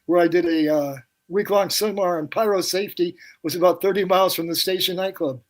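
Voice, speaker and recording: A man's voice: high-pitched, fairly even intonation, brisk. An older man telling anecdotes on a podcast as a guest, rambling and acting out the people in his stories. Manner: rambling anecdotes, puts on voices for quoted people. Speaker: podcast guest, pyrotechnic technician. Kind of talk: casual storytelling.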